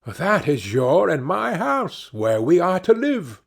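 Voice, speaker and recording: A man's voice: a little high, big pitch swings, takes it slowly, gravelly, slightly rough, voice pushed up, exaggerated voice. A man voicing a blunt, plain-spoken travelling fiddler in an audiobook fairy tale.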